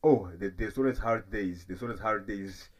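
A husky-voiced man with an African accent, talking easy and unhurried in a casual podcast chat. He is a comedian from Africa who circles back over his points. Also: lowish voice. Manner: laid-back, repeats himself, says bro a lot. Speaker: stand-up comedian.

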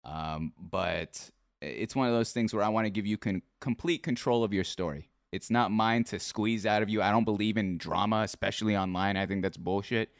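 A man's voice: lowish voice, moderate pace, gravelly, dry recording, studio quality. A man in his twenties hosting a livestream interview, talking in an earnest, reassuring way. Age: 20s. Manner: earnest, reassuring, repeats "all right?". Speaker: interview host.

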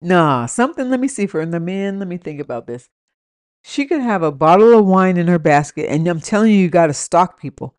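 A woman's voice: on the low side, expressive, brisk, darkish tone, dry recording. A young adult woman hosting a podcast, telling a story and giving dating advice in a casual rant with blunt, profane remarks and laughing asides. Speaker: podcast host.

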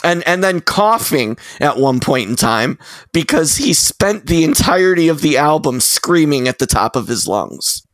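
A man's voice: on the high side, very animated, moderate pace, a bit bright, dry recording. A man co-hosting a podcast in crude, joking casual chat. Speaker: podcast co-host.

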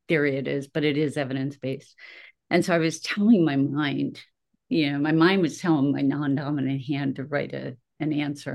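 A middle-aged woman hosting a podcast, telling personal stories in a lively way and laughing at herself. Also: low voice, creaky. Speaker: podcast host. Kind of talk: casual podcast conversation.

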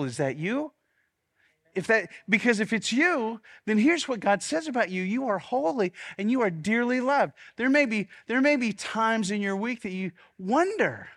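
A man's voice: high-pitched, fairly bright tone. A man preaching a sermon as pastor, earnest, often repeating words as he restarts, and leading the congregation in spoken confessions.

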